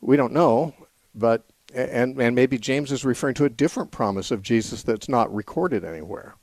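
A man hosting a call-in radio show, answering questions about the Bible in a measured, explanatory way, thinking aloud with small restarts. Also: mid-range voice, a little mellow, no echo. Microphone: studio mic.

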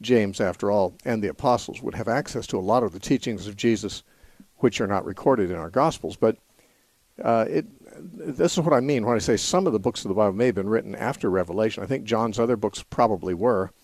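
A man hosting a call-in radio show, answering questions about the Bible in a measured, explanatory way, thinking aloud with small restarts. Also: fairly low pitch, darkish tone, no room sound. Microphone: studio mic.

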